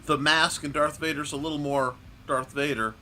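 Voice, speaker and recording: Bright-toned chatty Midwestern man. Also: a little high, fairly even intonation, moderate pace, slight background noise. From American Midwest. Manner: rambling, chatty anecdotes with restarts. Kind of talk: casual panel chat.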